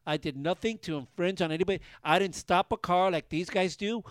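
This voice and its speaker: Male host, opinionated and emphatic, slightly high voice, dry close sound. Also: fairly quick, clean tone, no room sound. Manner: emphatic, opinionated, repeats points. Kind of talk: casual talk show banter. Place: garage.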